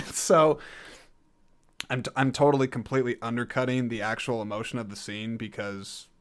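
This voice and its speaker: A young man talks alone in a relaxed, rambling way, cracking jokes and backing up to fix his own words mid-sentence. His voice is smooth and clean, sitting at an ordinary middle pitch. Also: quick pace. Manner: rambling, jokey, self-correcting. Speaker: podcast host reviewing films. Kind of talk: casual solo film review podcast.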